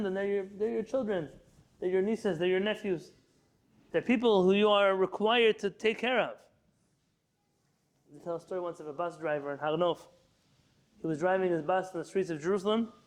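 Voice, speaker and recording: A man teaching a class to students in a room, reading Hebrew passages aloud and then translating and explaining them. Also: high voice. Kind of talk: lecture class.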